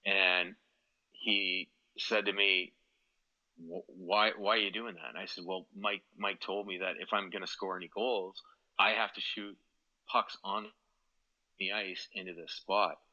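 Male interview guest, low and forceful, rambling storyteller, slightly muffled audio. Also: little pitch movement, unhurried. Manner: rambling anecdotes, quoting others. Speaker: guest, former hockey player.

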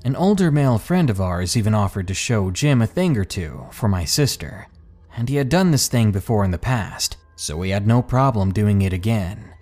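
Male storyteller with lively pitch. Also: normal speed. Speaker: podcast host and narrator. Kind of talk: scripted narration of listener stories. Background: faint background music.

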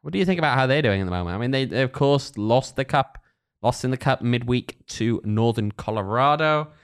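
Man, soccer podcast co-host, casual chat, lively up-and-down pitch, dry sarcasm. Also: fairly quick, clear, resonant tone.

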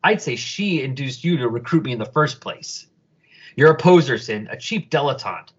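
A man's voice: medium pitch, expressive, moderate pace, husky, dull audio. A man voicing a cold, sardonic male scientist who speaks with cutting disdain. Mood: scornful.

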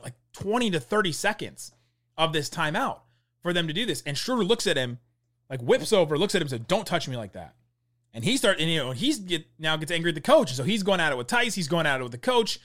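A young man rambles animatedly through a basketball game breakdown, often slipping a laugh into his sentences. His voice is bright and forceful and sits a touch high for a man. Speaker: basketball podcast host. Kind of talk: casual sports analysis.

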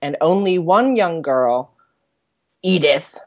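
A woman's voice: sits low, expressive, slow, no room sound. A woman co-hosting a podcast in casual chat, summarizing a story in a rambling way with fillers and laughs. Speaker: podcast co-host. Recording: dull, lo-fi dry recording.

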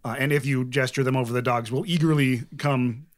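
A man narrating as game master in a relaxed, chatty way, with plenty of fillers. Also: mid-range voice, a little fast.

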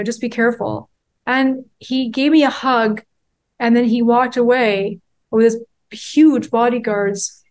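A woman in her forties, a podcast guest, telling a personal story in a heartfelt, rambling way with many fillers. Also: a little high. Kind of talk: candid interview storytelling.

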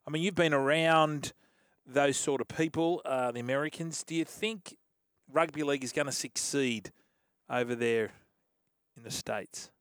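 A man's voice: mid-range voice, normal speed, fairly bright tone, clear, resonant tone, no echo, studio quality. A man co-hosting a sports radio show, firing off jokey questions. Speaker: radio co-host. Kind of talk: casual radio chat.

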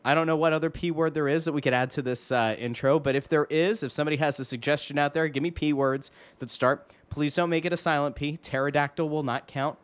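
A man co-hosting a casual hockey podcast, talking in an animated, mock-indignant rant. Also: a little high, quick pace, hardly any pauses, clean tone. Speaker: podcast co-host.

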